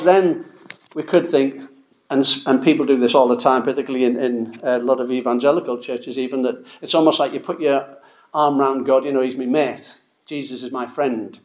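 A man preaching a sermon, emphatic and repeating key phrases for stress. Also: mid-range voice.

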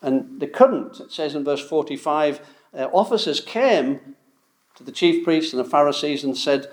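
A man's voice: a little high, moderate pace. A man preaching an emphatic, confrontational sermon.

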